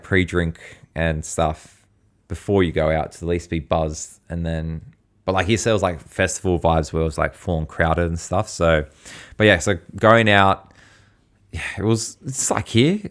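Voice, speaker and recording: Rambling Australian man, low voice. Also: steady tone, moderate pace, a bit bright, clean tone. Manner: rambling, slangy storytelling, full of fillers. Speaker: podcast co-host. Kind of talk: casual podcast chat.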